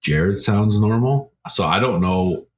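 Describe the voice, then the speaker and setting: A Canadian man with a very low voice talks in an easygoing, casual way as a podcast co-host. He swears offhandedly. A faint hiss sits behind him. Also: expressive, slow. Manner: laid-back, swears casually. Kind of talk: casual chat.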